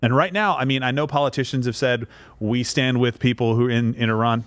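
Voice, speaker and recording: A man's voice: mid-range voice, fairly even intonation, fairly quick, a bit bright, no room sound. A man co-hosting a podcast, talking in an emphatic, opinionated way. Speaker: podcast co-host. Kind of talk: casual chat.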